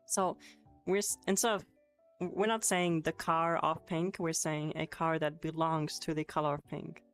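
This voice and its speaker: A woman's voice: low voice, level tone, measured pace, long pauses. A woman streaming a casual Japanese lesson on a headset, answering chat with giggles and swearing. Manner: giggly, swears, chatty and loose. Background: faint music playing.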